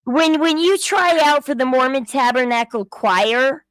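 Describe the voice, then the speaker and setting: A woman's voice: high voice, lively intonation, measured pace, fairly bright tone, no echo. A middle-aged woman hosting a casual livestream chat, rambling with many fillers and restarts. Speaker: streamer host.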